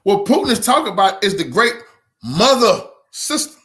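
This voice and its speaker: Brief: man, very high bright voice, impassioned preaching commentary, repetitive and loud at times. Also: very animated, normal speed. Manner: fiery, preachy, repeats himself, shouts at times. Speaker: commentator reacting to a speech.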